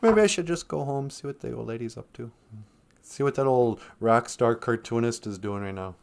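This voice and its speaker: A man's voice: medium pitch, moderate pace, gravelly. A man hosting a live-stream podcast in casual, rambling chat, joking, laughing often and acting out quoted lines.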